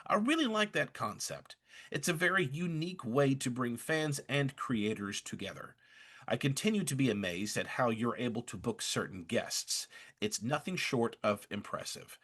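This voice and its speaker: Lively male podcast host reading fan mail. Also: mid-range voice, husky. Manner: lively, halting with restarts and fillers.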